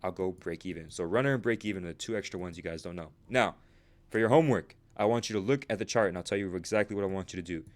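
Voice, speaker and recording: A man with a low voice teaching a casual video lesson at a rapid clip. He is chatty and keeps checking in with "right?" after each point, sounding slightly out of breath. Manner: fast, chatty, says "right?" constantly. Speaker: trading instructor.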